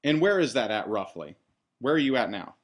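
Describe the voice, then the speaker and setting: A man hosting a sales presentation on a call, talking in an upbeat, enthusiastic pitching manner. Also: sing-song, brisk. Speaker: host.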